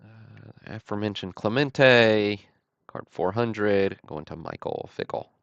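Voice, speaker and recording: A slow-talking man with a very low, gravelly voice runs a card-break livestream, reading off cards in a steady, plain way. The sound is dry and a bit muffled, like lo-fi stream audio. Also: no echo. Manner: steady, matter-of-fact listing with dry self-deprecating asides. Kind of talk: calling out trading cards on a livestream.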